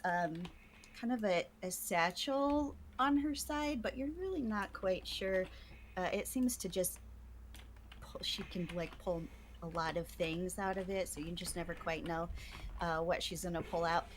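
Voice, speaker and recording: A woman's voice: on the low side, slight background noise. A woman player describing her tabletop character in casual chat, hesitant and trailing off.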